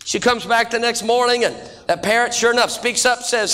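A middle-aged male pastor preaching a sermon full of folksy jokes and stories, speeding up and then slowing down for emphasis. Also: high voice, steady tone, pushed and bright. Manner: folksy joking preacher, shifting between quick and slow drawn-out delivery.

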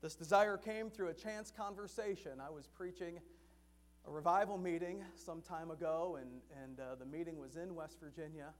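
Tenor-range male preacher for a chapel sermon, moves from quiet storytelling to loud, fervent emphasis. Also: fairly high pitch, steady tone, moderate pace.

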